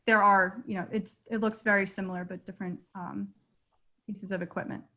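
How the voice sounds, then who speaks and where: A woman's voice: mid-range voice, fairly even intonation, brisk, sharp tone. A woman presenting school design renderings to a town committee in an explanatory, filler-heavy way. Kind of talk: formal presentation. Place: meeting room.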